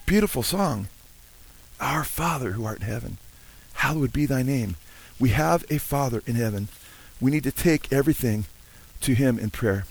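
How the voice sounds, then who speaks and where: In a low-quality recording, an older man delivers a sermon as a pastor, earnest and warm, peppered with amens and the occasional sung hymn line between points of teaching. His mid-range voice is expressive and gravelly with a breathy edge, and he keeps a moderate pace.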